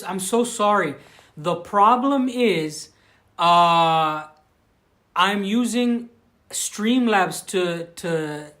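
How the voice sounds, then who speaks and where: High-voiced Southern Californian man livestreaming. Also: fairly bright tone. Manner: chatty, thanks viewers, frequent restarts and fillers. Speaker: livestream vlogger. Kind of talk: casual live-stream chat. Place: outdoors on a rural plot.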